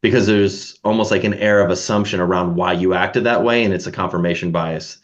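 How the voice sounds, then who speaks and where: A man's voice: sits low, fairly even intonation, brisk, highs cut off. A man in a podcast conversation, explaining his points and acting out tones of voice.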